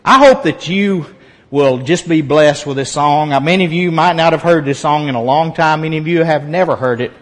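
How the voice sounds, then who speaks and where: A man's voice: a little high, a little fast, fairly bright tone, long reverb tail. A man preaching a sermon as pastor, earnest and emphatic, repeating phrases to drive his point home.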